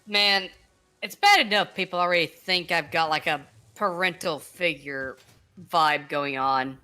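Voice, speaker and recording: A woman streamer chatting casually with a co-host and her chat, blunt and quick to swear. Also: on the low side, bright, forceful tone, clear, resonant tone. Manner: blunt, swears a lot, laughs often.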